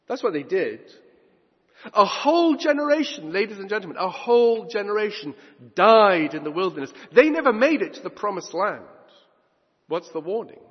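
A man preaching a sermon, emphatic, swinging between loud declarations and hushed asides. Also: high voice, sing-song, normal speed, breathy edge. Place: church hall. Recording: dull recording in a long-reverb hall.

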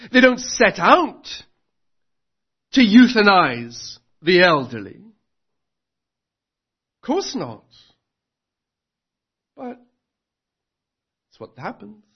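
A man's voice: high-pitched, sing-song, extremely slow, pauses often, slightly rough, muffled recording. A man preaching a sermon earnestly, putting rhetorical questions to his congregation.

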